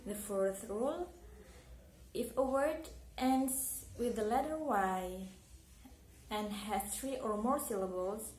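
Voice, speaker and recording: Young indonesian woman with an indonesian accent, slightly high voice, careful pronunciation lesson, echoey room, faint hiss. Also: slow, music in the background. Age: young adult. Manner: careful, explaining and repeating example words. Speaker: university student. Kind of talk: recorded English pronunciation lesson.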